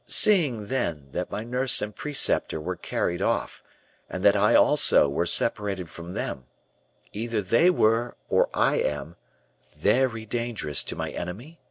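A man's voice: on the low side, animated, unhurried, fairly bright tone, dry recording. A man reading the part of a proud, earnest young male prisoner who presses with searching, defiant questions.

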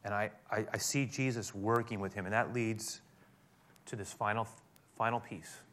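Bright-voiced man preaching emphatically. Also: fairly low pitch, fairly even intonation, normal speed. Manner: emphatic, addresses listeners directly. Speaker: pastor. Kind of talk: sermon.

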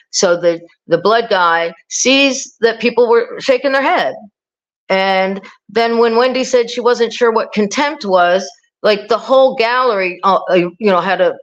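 A middle-aged woman tells a story as a podcast guest, rambling and restarting as she goes. She acts out other people's words with animation. Her voice sounds slightly dull and lo-fi. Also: medium pitch. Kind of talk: casual storytelling.

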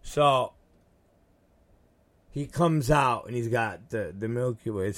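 Middle-aged guy swearing his way thru a rambly story, slow and punchy, dry sound. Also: medium pitch, fairly bright tone, no room sound. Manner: rambling, swears a lot, acts out quotes. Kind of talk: casual profane anecdote.

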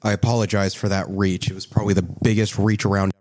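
A man's voice: lowish voice, flat delivery, quick pace, darkish tone. A man narrating as game master in a tabletop game, joking and rambling with restarts.

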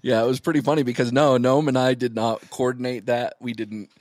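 A man's voice: medium pitch, flat delivery, a little fast, darkish tone, no echo, studio quality. A man co-hosting a podcast in casual chat, rambling and repeating words as he goes. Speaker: podcast co-host.

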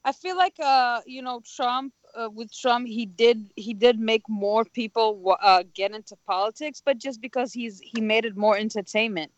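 A woman from Israel, a comedian guest on a radio show, chatting wryly with frequent laughs and halting restarts. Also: a little high, slight background noise. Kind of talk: casual radio chat. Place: radio studio. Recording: dry, dull lo-fi radio studio sound.

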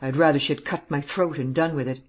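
A reader voicing a male gentleman thief who is weak from his ordeal, speaking in stammering, incredulous questions. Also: medium pitch, steady tone, fast, breathy edge, lightly acted. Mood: angry. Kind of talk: audiobook dialogue reading.

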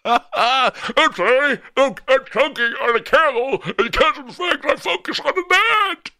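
Guy doing a high whiny mock voice, sobbing and slow, bright and dry. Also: lively intonation, no room sound, exaggerated voice. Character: whiny mocked man choking on a camel.

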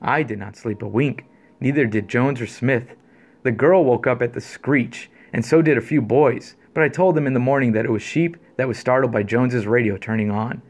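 A man's voice: medium pitch, normal speed. Laid-back man reading a story. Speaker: podcast co-host. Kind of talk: reading a listener story aloud, then casual chat.

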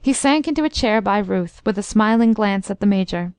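A woman narrating a classic story in a measured, expressive reading. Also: medium pitch, clean tone, no room sound. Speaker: audiobook narrator. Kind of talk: scripted narration.

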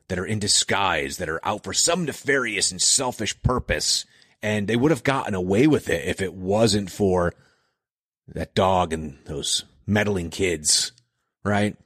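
Podcast host, man in his forties: husky, animated, chatty, chuckles at his own stumbles. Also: on the low side, no room sound, clean studio sound. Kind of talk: casual nostalgic monologue.

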